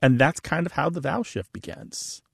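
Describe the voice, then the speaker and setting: A man explains to a caller like a linguist, lively and quick to laugh. His pitch jumps all over the place, and his voice has a gravelly edge. The sound is dry and close. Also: no echo. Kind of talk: call-in chat, explaining.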